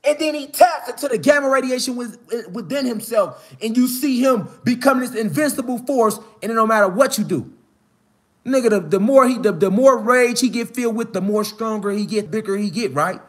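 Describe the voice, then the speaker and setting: Outdoors in the mountains, an online spiritual speaker with a strikingly high-pitched voice delivers a brisk, fiery, preaching-style monologue in heavy street slang. He starts with low, steady talk and builds into shouted emphasis.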